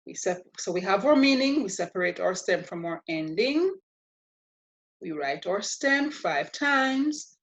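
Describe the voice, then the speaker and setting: Slow, patient woman teaching a language. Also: mid-range voice, lively intonation, muffled recording. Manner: patient and playful, spells out each step. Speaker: Spanish teacher. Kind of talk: slow, deliberate language lesson.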